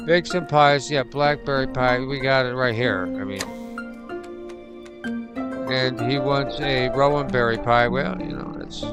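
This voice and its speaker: A gaming channel host gives casual let's-play commentary with a friend, his medium-pitched voice fairly even and a little slow, recorded lo-fi over music. He chats freely, swears a lot, and reads game text aloud.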